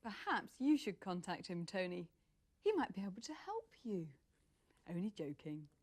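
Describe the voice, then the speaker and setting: Woman presenting english lessons, mellow and sing-song. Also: medium pitch, very animated, normal speed. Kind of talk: scripted teaching presentation.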